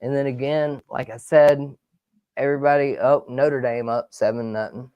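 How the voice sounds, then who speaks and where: Energetic man hosting. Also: medium pitch, moderate pace, clear, resonant tone, dry recording, highs cut off. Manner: energetic, rambling, loud outbursts. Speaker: podcast host. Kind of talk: live sports talk show.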